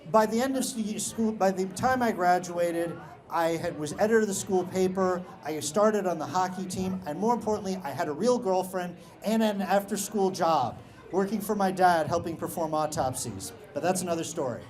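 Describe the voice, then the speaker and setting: Brief: middle-aged man, fairly high voice, live storyteller, dry self-mocking humor. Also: normal speed, darkish tone, low-quality recording. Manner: wry, self-deprecating humor. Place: live show at a beach-bar venue.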